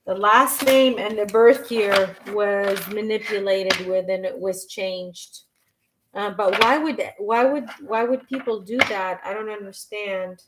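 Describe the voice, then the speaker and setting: Slow-talking tarot reader woman. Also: medium pitch, background noise. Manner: halting, restarts often, reads chat questions aloud; slow and unhurried. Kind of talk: live-stream tarot reading.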